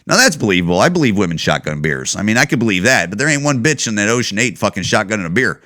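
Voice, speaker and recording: Speaking fast in a lowish voice, this Chicago man hosts a podcast and launches into an animated, profane rant, cursing freely as he goes on.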